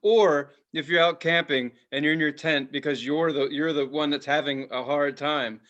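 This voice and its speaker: A man in his forties, a podcast co-host telling animated, profane stories and laughing at his own lines. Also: a little high, normal speed, lo-fi sound. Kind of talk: casual storytelling.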